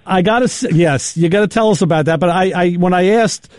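A man hosting a show, telling rambling, animated stories in casual chat and acting out what people said. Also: sits high, a little fast, no room sound. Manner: rambling, animated anecdotes with acted-out quotes. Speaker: show host.

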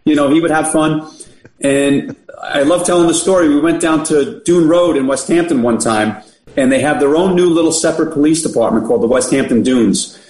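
A man's voice: on the high side, a little fast, a little mellow, echoey room, low-quality recording. A middle-aged man telling stories in casual chat, rambling with many fillers and restarts. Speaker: podcast guest. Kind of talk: casual storytelling.

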